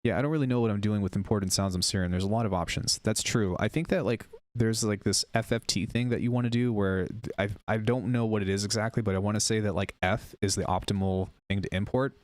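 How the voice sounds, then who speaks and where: A male music producer on a casual live stream, chatting with viewers while demoing software, rambling and unsure of himself. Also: on the low side, steady tone, quick pace, few pauses, dry recording.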